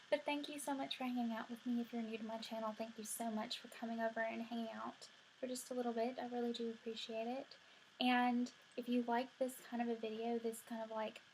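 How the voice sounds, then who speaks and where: A woman's voice: fairly high pitch, slight background noise. A young woman, chatting casually through a makeup tutorial and saying "y'all" a lot. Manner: chatty, rambling, says "y'all" often. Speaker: beauty vlogger.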